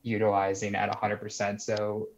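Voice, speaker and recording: Calling in on a video call, a young man tells a story in a loose, rambling style, with plenty of "like" and "you know." His voice sits lowish and stays completely flat at normal speed, and the audio is lo-fi and muffled.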